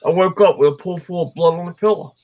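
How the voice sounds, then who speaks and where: A man's voice: high-pitched, fast talker, a little mellow, muffled recording. A man in a casual chat, telling a short story plainly and earnestly.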